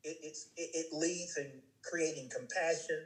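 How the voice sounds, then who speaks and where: A man on a casual morning talk show, speaking haltingly and repeating words as he searches for them. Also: a little high, steady tone. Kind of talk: casual chat.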